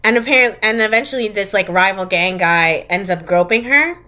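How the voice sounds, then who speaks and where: A woman's voice: mid-range voice, a little fast, pushed and bright. A young woman co-hosting a casual podcast, sarcastically recapping a movie's plot, laughing often and acting out the characters' lines. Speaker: podcast co-host.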